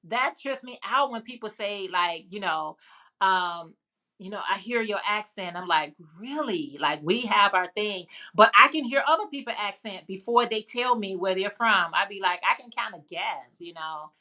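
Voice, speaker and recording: A woman's voice: mid-range voice, animated, moderate pace, pushed and bright. A woman from Chicago with a Chicago accent, chatting casually with viewers as host of a live stream and telling stories. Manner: chatty, storytelling, reads out viewer comments. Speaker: livestream host.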